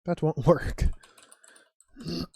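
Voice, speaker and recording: A streamer casually commenting on an old adventure game, musing wryly and reading typed commands and game text aloud. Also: dark tone. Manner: wry, musing, types commands aloud slowly.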